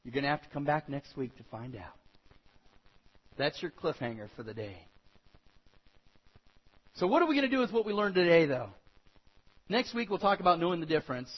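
A man preaching a sermon as pastor, animated and acting out quoted voices, with a husky voice. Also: high-pitched, fairly quick, long pauses, muffled recording.

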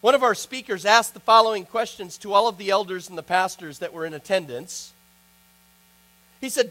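Man, high voice, sermon, earnest and emphatic, mains hum behind. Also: normal speed, pushed and bright, low-quality recording. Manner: earnest, builds to emphatic peaks. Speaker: pastor.

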